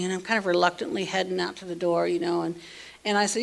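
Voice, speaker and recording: A woman casually telling a personal story, animated, dropping to hushed asides and rising to loud emphasis. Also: fairly low pitch, fast, gravelly. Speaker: storyteller sharing a personal testimony.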